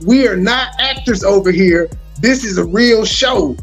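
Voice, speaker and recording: A man's voice: high-pitched, a little slow, soft background music. A man hosting a livestream show, teasing and joking with his co-hosts in casual banter. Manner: teasing, joking, mock-apologetic.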